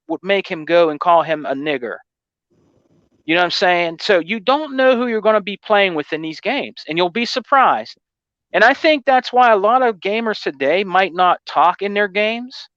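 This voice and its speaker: A man's voice: high-pitched, fairly bright tone, clear, resonant tone, no room sound, lo-fi sound. A man hosting a gaming channel, telling a story in casual chat, rambling and often repeating "you know what I mean" and "man".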